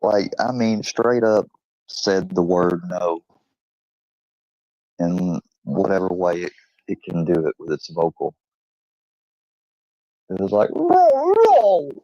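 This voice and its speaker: A man streaming from home, telling an animated story casually and swearing freely, and cooing at his dog. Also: takes it slowly, pauses often, no room sound, highs cut off. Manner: animated, swearing, high-pitched when imitating animals; coos at his dog in a high sing-song.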